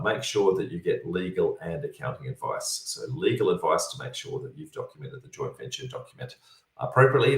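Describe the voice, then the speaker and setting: A tired man with a very low voice works through viewer questions point by point, padding his teaching with fillers and calling his listeners folks. He sits a little back from the mic in a roomy, echoing space. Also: recorded from a distance. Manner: instructive, repeats points, many fillers. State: tired, yawning. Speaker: property development educator answering viewer questions. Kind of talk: online Q&A session.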